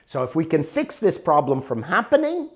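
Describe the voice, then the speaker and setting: A man's voice: on the high side, wildly swooping pitch, moderate pace. A middle-aged man teaching a workshop in a conversational, storytelling way with rising and falling emphasis. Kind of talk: recorded workshop talk.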